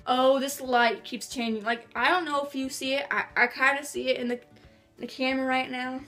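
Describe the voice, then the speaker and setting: A woman's voice: high voice, fairly even intonation, brisk, sharp tone, soft background music. A teenage girl chatting to camera in her bedroom, rambling and bubbly. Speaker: vlogger. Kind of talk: casual chat to camera. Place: bedroom at home.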